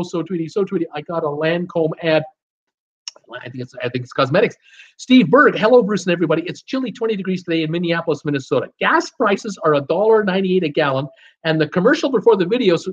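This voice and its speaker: Middle-aged male stream host, high-pitched, chatty and jokey, dull lo-fi home mic. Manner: chatty, jokey, reads comments aloud with bursts of laughter. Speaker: host of a live cruise show. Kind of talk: casual live chat reading viewer comments.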